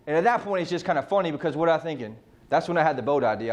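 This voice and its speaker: A man with a slightly high voice gives a motivational talk to a real estate team. He keeps it casual and loose, tossing out rhetorical questions and the odd curse word to drive his points home. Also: lively intonation, racing, muffled recording. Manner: casual, fires rhetorical questions, swears freely.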